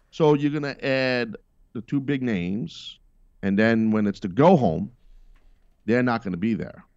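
A man's voice: on the low side, a little mellow, no echo, dull audio. A middle-aged man hosting a podcast, giving blunt, emphatic wrestling commentary with profane, sarcastic asides. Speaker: podcast host.

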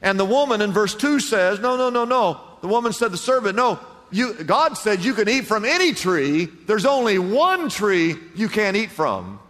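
A man preaching a sermon, swinging between loud, emphatic lines and hushed ones and acting out the voices in the story. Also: high-pitched, very animated, moderate pace. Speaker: pastor. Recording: hall reverb.

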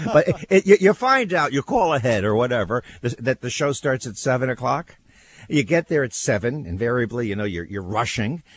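An older man hosting talk radio, telling stories in casual chat with a husky voice and lots of repeated words. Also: mid-range voice, normal speed. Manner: animated storyteller, repeats words, laughs.

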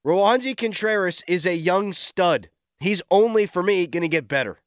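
An excitable man hosts a morning sports talk radio show. His voice sits fairly high and sounds dry and close to the mic. He is quick to shout in disbelief. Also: dry recording.

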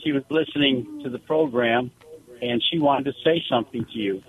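Man, gruff-voiced radio caller on the phone, casual chat. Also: mid-range voice, moderate pace, a crowd in the background. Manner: casual and chatty. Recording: tinny phone line.

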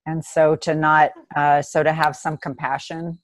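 A woman guest in a casual conversation, reflective and thoughtful, turning animated when she jokes. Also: sits low, unhurried, no room sound.

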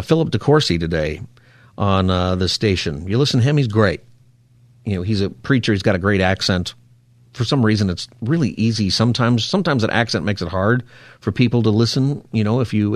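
A man's voice: low-pitched, no room sound. A man hosting a call-in radio talk show, musing aloud in a rambling, casual way with frequent fillers.

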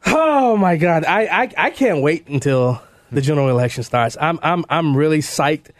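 A middle-aged man hosting a talk radio show, joking and animated, introducing a guest. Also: a little high, moderate pace, no echo, clean studio sound. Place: radio studio. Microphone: studio mic.

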